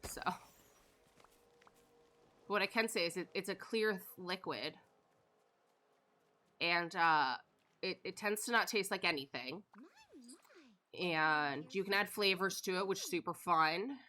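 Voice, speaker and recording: A woman's voice: on the low side, measured pace, long pauses, pushed and bright. A woman streamer chatting casually while she plays a game, rambling with lots of fillers and laughs. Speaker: live streamer. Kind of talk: casual chat while gaming.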